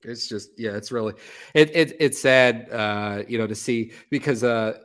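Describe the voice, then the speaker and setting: A man hosting a sports podcast, speaking in a relaxed, halting way with many restarts. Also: mid-range voice. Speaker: podcast host. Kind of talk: casual podcast interview.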